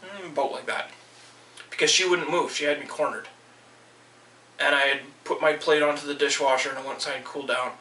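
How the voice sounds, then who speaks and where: Heated man ranting, bright echoey sound. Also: on the high side, fairly even intonation, a little fast, pauses often, recorded from a distance. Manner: heated, swearing, quotes people in raised voices. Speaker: vlogger. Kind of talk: angry personal rant.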